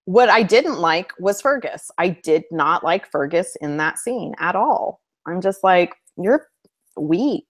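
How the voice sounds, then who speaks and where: A woman co-hosting a casual TV discussion, opinionated and animated, often acting out quotes from the characters. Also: fairly low pitch, measured pace, few pauses. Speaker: podcast co-host. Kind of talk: casual chat.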